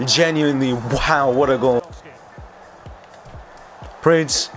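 A young man giving excited live commentary while playing a football video game, cheering his players and laughing often. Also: medium pitch, slow, pauses often, music in the background. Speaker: gaming YouTuber.

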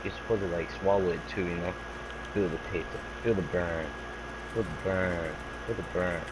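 A man's voice: low-pitched, fairly even intonation, moderate pace, heavy background noise. A young man in a casual game chat on a headset, cracking crude jokes. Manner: crude joking banter. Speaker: gamer in party chat. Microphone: gaming headset.

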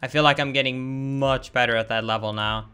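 A young man with a medium-pitched voice talks briskly over a noisy background while streaming a speedrun, faint game music playing behind him. He's excitable, exclaims often, and keeps saying "dude" as he comments on the gameplay live.

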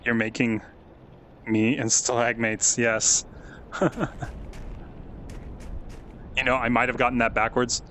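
A man's voice: mid-range voice, flat delivery, normal speed, pushed and bright, slight background noise. A man commentating a live game stream, chatty and easily amazed, reading out and thanking viewers.

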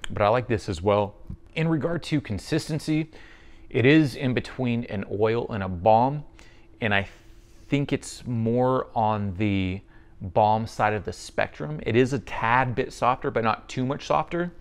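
A man's voice: mid-range voice, measured pace. Chatty man reviewing beard products. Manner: friendly, chatty, thinks aloud with fillers.

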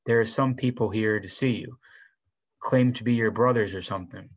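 A man voicing a kind, gently concerned middle-aged man in a storybook reading, in a plain, mild way. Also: on the low side, normal speed, slightly rough, no echo. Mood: gentle.

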